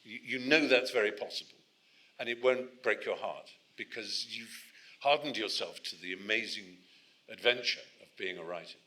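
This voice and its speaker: Speaking at a fairly low pitch and moderate pace, an English guest speaker addresses a university society. His talk is animated and digressive, with frequent sentence restarts.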